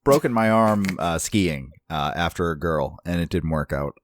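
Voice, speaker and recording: Deep-voiced jokey male podcast host. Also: normal speed. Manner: jokey, self-deprecating, laughs often. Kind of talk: casual chat.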